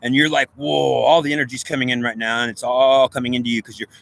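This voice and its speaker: A man's voice: mid-range voice, little pitch movement, quick pace, vocal fry, fairly bright tone. A man in an unscripted monologue, rambling in a stream of consciousness and arguing back and forth with himself. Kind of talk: guided visualization.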